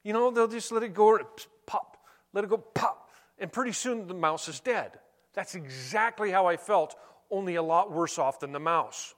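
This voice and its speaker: A middle-aged man preaching a sermon, conversational and animated, telling stories between scripture readings. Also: high-pitched, normal speed. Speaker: pastor.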